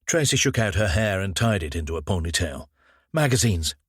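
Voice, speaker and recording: A man narrating an audiobook crime thriller in a measured, even way on a close mic. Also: low-pitched, husky, dry recording. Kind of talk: scripted narration.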